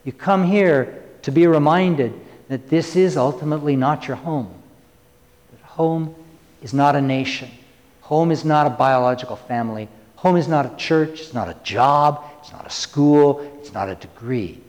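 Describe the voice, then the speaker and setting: A man preaching a sermon as pastor, speaking conversationally and teasing his congregation, his voice swinging from loud to hushed. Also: on the high side, normal speed, in a large hall. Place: church.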